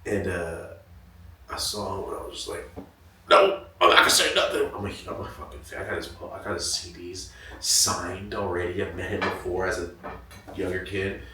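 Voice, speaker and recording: A man's voice: deep voice, flat delivery, moderate pace, sharp tone, recorded from a distance, a little hiss or hum. A man from Northern California, a guest telling a story in casual, profane talk and acting out what people said. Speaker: interview guest. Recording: roomy echo, somewhat off mic.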